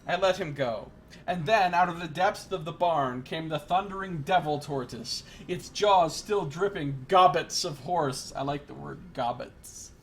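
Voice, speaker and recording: A man's voice: a little high, measured pace, a bit bright. A man streaming a game, reading its story aloud with wry asides. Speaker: let's play streamer.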